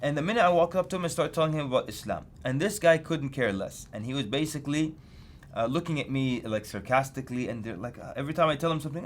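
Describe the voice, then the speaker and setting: A man preacher giving a lecture on outreach, telling stories with lively swings of pitch for emphasis. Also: fast, a little hiss or hum. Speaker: Islamic preacher teaching street outreach. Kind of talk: story-led lecture.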